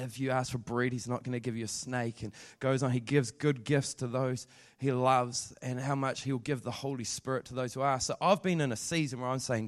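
A man, a pastor giving a candid, rambling testimony sermon that builds into fervent prayer. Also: medium pitch.

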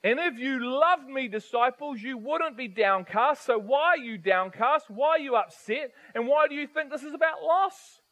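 Male preacher, high-pitched, animated sermon delivery full of rhetorical questions. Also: normal speed, few pauses, rough recording. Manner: animated, rhetorical questions, varies volume widely.

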